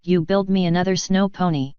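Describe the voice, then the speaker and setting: A cheeky, playful young female pony chatters in a clear, low voice, as a woman reads her aloud. It is a dry, slightly muffled storybook reading. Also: brisk, warm tone, no room sound, close to an everyday voice.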